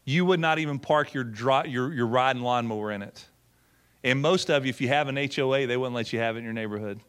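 Middle-aged pastor guy telling a story from the pulpit, folksy, medium pitch. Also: quick pace, a bit bright, clean tone. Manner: folksy storyteller, acts out quotes, repeats words. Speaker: pastor and former missionary. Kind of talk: sermon with storytelling.

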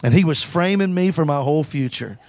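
A man preaching from the pulpit, with a voice pitched a little above the usual male range. He tells his story with emphasis. Now and then he urges the congregation to call out and answer him. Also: expressive, brisk, a little mellow. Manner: exhorting the congregation to call back. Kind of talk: storytelling sermon.

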